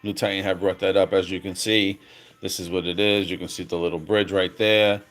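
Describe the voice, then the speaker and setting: A man giving excited, slangy commentary over cartoon clips, repeating himself and calling out to viewers. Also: deep voice, a little fast, faint music behind. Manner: hyped, slangy, repeats phrases, calls out "baby" and "fam". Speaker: crypto commentator.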